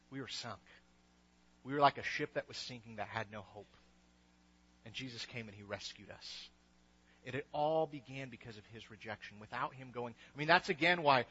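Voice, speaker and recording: A man's voice: mid-range voice, pushed and bright, breathy edge. A young man preaching a casual, enthusiastic sermon, restarting his sentences often. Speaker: pastor. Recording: dull lo-fi recording.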